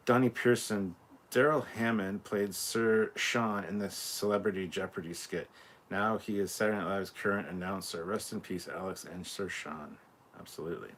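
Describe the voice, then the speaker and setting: A man's voice: low-pitched, fairly bright tone. A Scottish man hosting a casual live reaction stream, reading out viewer comments in a laid-back, chatty way and swearing freely. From Scotland.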